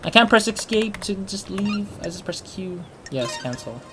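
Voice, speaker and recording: A man's voice: high voice, animated, normal speed, background noise. A man chatting casually as he plays a video game, thinking aloud. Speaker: let's player. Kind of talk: casual gaming commentary.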